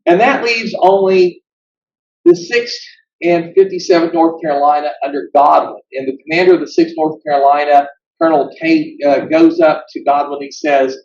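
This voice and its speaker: Animated storytelling man, echoey hall. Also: on the high side, moderate pace. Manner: animated storyteller, acts out quotes. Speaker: guest speaker. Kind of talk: history lecture. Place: meeting hall. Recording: echoey, dull lo-fi room recording.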